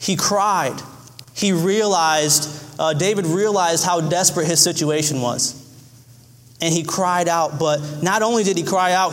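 A man's voice: moderate pace, in a large hall. A man preaching a sermon in an earnest way, often repeating his phrases. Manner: earnest, repeats phrases, acts out cries in a high voice.

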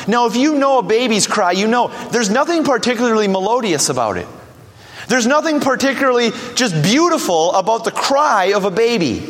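A man's voice: sits high, big pitch swings, moderate pace, big-room sound. A man preaching a sermon, earnest and urgent, acting out the words of people who pray. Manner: earnest, acts out prayers and voices of doubters.

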